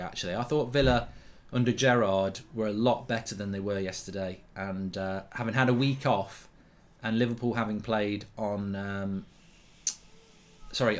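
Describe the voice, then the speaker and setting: A man hosting a live football watch-along, chatting, reacting to the play and answering viewers. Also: fairly low pitch. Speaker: host.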